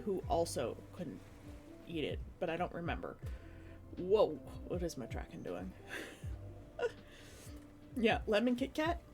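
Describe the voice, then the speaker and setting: A woman's voice: medium pitch, a little mellow. A young woman from Canada, chatting casually with her stream chat in a rambling way, full of restarts.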